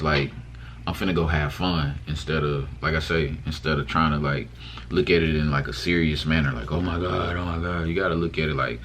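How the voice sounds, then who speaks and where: Deep-voiced young man, casual vlog. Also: a little hiss or hum. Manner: relaxed, loose and rambling, many fillers and restarts. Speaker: vlogger. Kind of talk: casual mukbang chat to camera.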